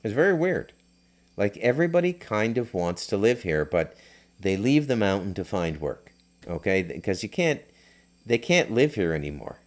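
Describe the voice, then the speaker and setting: The voice is lowish and very animated at normal speed: a middle-aged podcast host telling loose, wandering stories. Fillers and restarts crop up constantly in his casual storytelling.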